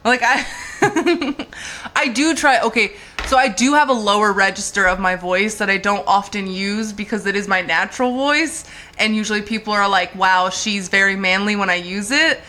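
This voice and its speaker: Bright-voiced giggly woman comedian. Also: medium pitch, normal speed. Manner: giggly, protesting denials. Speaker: comedian guest. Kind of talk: casual comedic chat.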